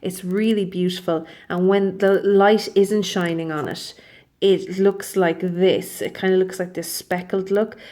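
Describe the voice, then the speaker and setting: A woman's voice: fairly low pitch, steady tone, a little slow, a little mellow. A young woman chatting casually through a nail polish review, rambling and often correcting herself mid-sentence. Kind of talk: casual product review vlog.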